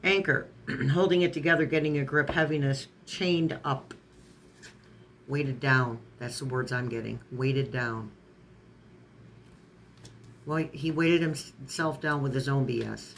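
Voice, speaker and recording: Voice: mid-range voice, measured pace, long pauses, fairly bright tone, a little hiss or hum. A tarot reader in a casual online reading who strings card keywords together, stumbles and corrects words, and adds sarcastic asides.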